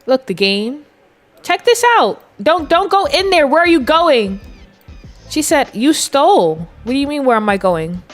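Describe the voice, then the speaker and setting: A woman's voice: high-pitched, big pitch swings, normal speed, faint music behind. A woman in her twenties giving chatty, giggly live commentary as she plays a game and talks to her viewers. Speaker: game streamer. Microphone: desk mic.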